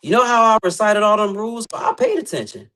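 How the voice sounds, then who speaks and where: High-voiced man talking trash. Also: wildly swooping pitch, quick pace, pushed and bright. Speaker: guest competitor. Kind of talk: casual podcast banter.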